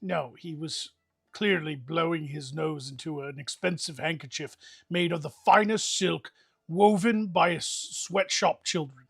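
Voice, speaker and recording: A man hosting a livestream fantasy role-play, delivering a rambling, mock-solemn eulogy with animated comic timing. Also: fairly high pitch, a little slow, creaky, breathy edge. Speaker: host leading an improvised fantasy guild meeting.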